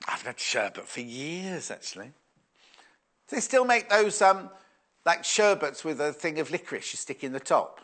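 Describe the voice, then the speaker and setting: A man's voice: on the high side, sing-song, normal speed, fairly bright tone. A man presenting fabrics on a live shopping channel, chatting and musing aloud as he reads out viewer messages. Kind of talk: live sales demonstration.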